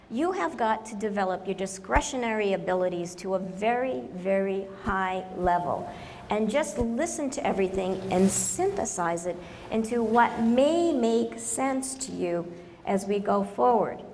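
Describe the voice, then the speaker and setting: A woman's voice: medium pitch, animated, normal speed, a little mellow, long reverb tail, slight background noise. A woman giving a humorous conference talk, wry and direct, telling stories to an audience. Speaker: conference speaker.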